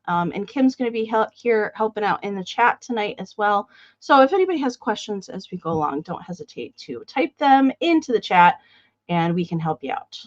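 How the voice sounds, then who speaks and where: A woman's voice: medium pitch, animated, brisk, no echo, muffled recording. A woman hosting a live online sale, chatting casually and greeting viewers by name. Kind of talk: casual live-stream chat.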